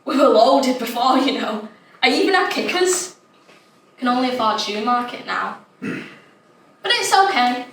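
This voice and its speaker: A woman's voice: on the high side, expressive, a little slow, long pauses, a bit bright. Woman playing a chatty little child. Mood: wistful. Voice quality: childlike, plain-spoken. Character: imaginative young British child, chatty and curious. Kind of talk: dramatic monologue. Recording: roomy echo, distant mic, faint ambience.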